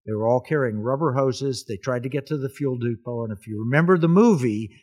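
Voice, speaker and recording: A man's voice: mid-range voice, fairly quick, a little mellow, breathy edge. Man host, earnest storyteller, plain mid voice. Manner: earnest storytelling, emphatic repetition. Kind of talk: casual history talk.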